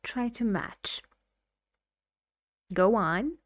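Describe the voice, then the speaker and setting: A woman's voice: mid-range voice, lively intonation, very slow, no room sound, clean studio sound. A woman teaching English pronunciation, patiently giving instructions and drilling syllables aloud. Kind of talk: slow, careful classroom instruction.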